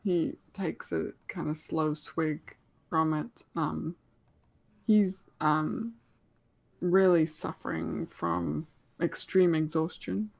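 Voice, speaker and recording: Woman game master, low voice, gravelly, hesitant narration with lots of ums. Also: fairly even intonation, slow pace. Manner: hesitant, many ums while describing scenes.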